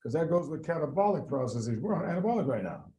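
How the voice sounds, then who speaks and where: A middle-aged man lecturing medical students in an animated, folksy, joking storytelling way. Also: fairly high pitch, quick pace, poor audio. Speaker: medical school biochemistry lecturer.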